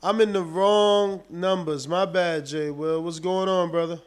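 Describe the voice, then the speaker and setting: Slow-talking laid-back male host. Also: high-pitched, steady tone, very noisy. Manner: laid-back, slangy, calls out listeners by name. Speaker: call-in show host. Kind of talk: casual call-in chat.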